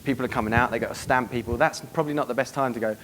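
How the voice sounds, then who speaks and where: A man giving a seminar to a live room, brisk and profane, acting out club scenes as he goes. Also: mid-range voice, a bit bright, a little hiss or hum. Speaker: dating coach giving a seminar. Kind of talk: live seminar talk to an audience.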